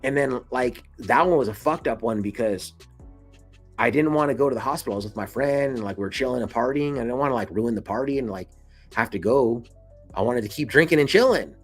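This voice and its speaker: A man's voice: fairly quick, breathy edge, faint music behind. A man in his twenties telling a casual story to camera, swearing freely and calling the listener dude and bro. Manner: acts out quoted lines in a much higher excited voice. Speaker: vlogger. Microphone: camera mic, showing scars to camera.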